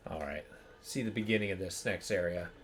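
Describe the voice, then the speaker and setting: A man's voice: sits low, a little fast, over loud music. A man streaming a video game, chatting casually and enthusiastically about it. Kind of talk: casual gameplay commentary.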